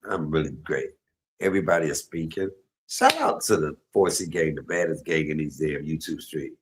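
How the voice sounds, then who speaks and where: A man's voice: extremely low pitch, moderate pace, background noise. A middle-aged man, telling stories on a home cooking livestream, chatty and laughing. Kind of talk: casual storytelling while cooking.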